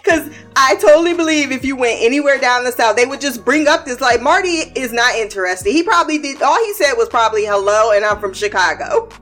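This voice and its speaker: Brief: young woman, higher voice, swears freely, casual TV recap vlogger. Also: quick pace, few pauses, a bit bright, soft background music. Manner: blunt, profane, laughs often. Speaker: TV show recapper.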